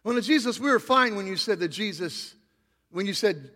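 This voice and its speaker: A male pastor preaching a sermon, swinging between loud, emphatic passages and quiet, slow emphasis. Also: high voice, lively intonation, in a large hall.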